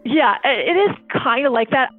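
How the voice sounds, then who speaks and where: A woman vaccine researcher answering interview questions in an eager, animated way, quick to laugh. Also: high-pitched, soft background music. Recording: tinny phone line.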